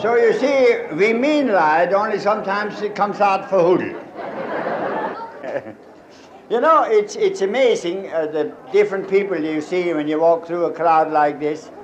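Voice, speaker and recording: In an old live recording from a roomy hall, complete with crowd noise and hiss, a stand-up comedian with a Pennsylvania Dutch accent delivers folksy jokes and dry one-liners to the audience. His high voice has lively intonation and a slightly slow pace, and the recording is muffled.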